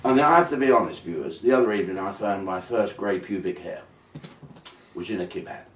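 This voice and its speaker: A man's voice: low-pitched, a little fast, a bit bright, recorded from a distance, slight background noise. Rambling older man, roomy sound. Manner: swearing, rambling, slips into put-on voices. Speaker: comedian telling stories. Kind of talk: casual anecdotal storytelling. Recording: roomy, from off-mic.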